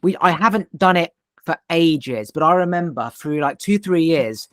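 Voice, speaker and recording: A male podcast host tells a personal story in casual conversation, speaking intensely and emphatically and swearing now and then. His voice is on the high side and fairly bright, with lively intonation and a moderate pace. The recording is studio quality with no echo.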